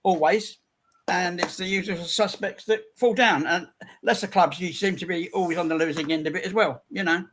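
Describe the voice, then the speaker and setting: A man's voice: high-pitched, moderate pace, a bit bright. Grumbling man, faint hiss behind. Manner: weary, grumbling. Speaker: co-host. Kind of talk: casual football chat.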